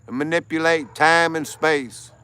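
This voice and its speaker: A man's voice: on the high side, steady tone, unhurried, bright, forceful tone, clean tone, no room sound. A tired American man hosting a casual livestream, greeting chat viewers by name and laughing often. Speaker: livestream host.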